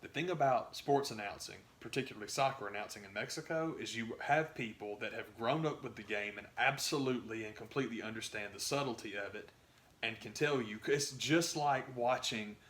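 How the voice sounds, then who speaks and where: A man co-hosting a podcast, chatting about sports in a rambling, excitable way that trails off and restarts. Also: medium pitch, a little fast. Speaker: podcast co-host. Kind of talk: casual sports chat.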